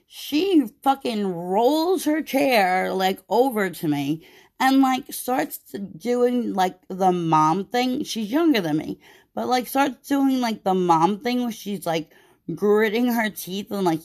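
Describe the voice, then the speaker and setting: A woman podcast host venting about her job in a casual, profane, animated way, with many "like"s. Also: medium pitch, slow pace. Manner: profane, animated storytelling with lots of "like".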